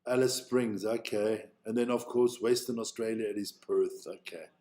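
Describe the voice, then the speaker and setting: A man's voice: fairly low pitch, steady tone, normal speed, dark tone. A man with a South African accent, chatting casually on a live stream while he watches rugby, thinking aloud and swearing freely. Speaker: live-stream host reacting to a rugby match.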